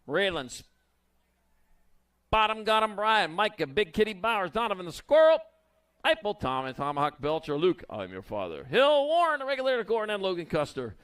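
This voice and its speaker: A man announcing BMX races live at an outdoor track, calling the riders with playful nicknames in a quick, folksy manner. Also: high-pitched, wildly swooping pitch, fairly bright tone, smooth. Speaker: race announcer. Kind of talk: live race commentary.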